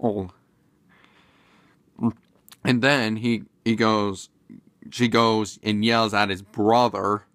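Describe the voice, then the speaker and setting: Male commentator, slow and hesitant, lots of fillers, middle pitch, dry recording. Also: little pitch movement, fairly bright tone, clear, resonant tone, dry recording. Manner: rambling, hesitant, many fillers and restarts. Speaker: video commentator. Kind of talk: casual commentary vlog.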